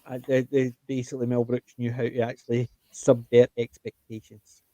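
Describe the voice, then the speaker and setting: A man's voice: medium pitch, moderate pace, dry recording, muffled recording. An older man with a Scottish accent, hosting a casual group chat and telling stories with acted-out quotes. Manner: chatty, animated storytelling with acted-out quotes. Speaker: host.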